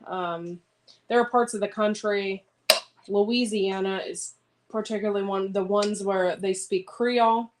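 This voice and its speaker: This homesteading vlogger chats casually on her livestream, rambling and replying to viewer comments as she cuts beans at home in the kitchen. She speaks a little slowly, with medium pitch and fairly even intonation, over clear background noise and clicks.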